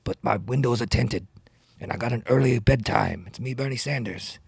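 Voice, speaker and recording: A man's voice: mid-range voice, gravelly, darkish tone, breathy edge, dry recording, full character voice. A man doing a comic impression of an old male politician, freestyle rapping in a boastful, drawling way. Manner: boastful, slow and drawling rap delivery.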